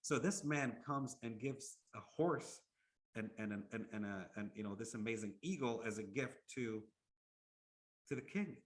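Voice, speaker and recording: A man giving a storytelling sermon as an Islamic lecturer, lively, often restarting his words and acting out the quotes. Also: medium pitch, normal speed.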